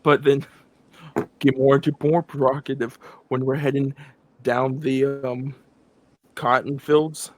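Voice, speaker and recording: A man's voice: mid-range voice, measured pace, pauses often, slight background noise. A man co-hosting a podcast, casually reviewing a film and acting out its scenes with laughter. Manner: animated retelling, acts out scenes with laughs. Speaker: podcast co-host. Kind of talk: casual movie review chat.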